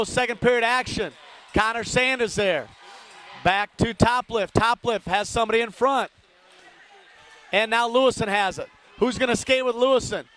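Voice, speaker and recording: Very high-voiced man calling hockey. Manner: rapid-fire calls of player names, rising to shouts on big plays; chatty asides, greeting listeners by name. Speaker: hockey play-by-play announcer. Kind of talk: live play-by-play commentary.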